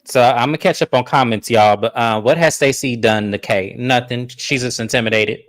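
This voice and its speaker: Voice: mid-range voice, normal speed, dry recording. A recap show host in casual chat, blunt and opinionated, with loose slangy phrasing. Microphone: streaming setup.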